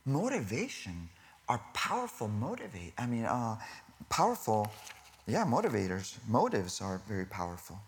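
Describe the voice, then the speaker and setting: Animated male preacher dropping to whispers. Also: lowish voice, normal speed. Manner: animated, swinging from loud bursts to hushed near-whispers; self-correcting, laughing asides. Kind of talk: sermon.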